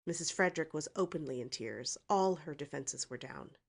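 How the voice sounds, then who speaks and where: A woman reading an audiobook in an expressive narration style. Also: low voice, moderate pace, vocal fry. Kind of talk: scripted narration.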